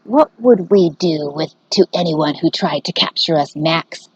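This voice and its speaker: A woman voicing a scheming male thief leader in a storybook, speaking low and hushed. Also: a little slow, breathy edge, no echo, full character voice, low-quality recording.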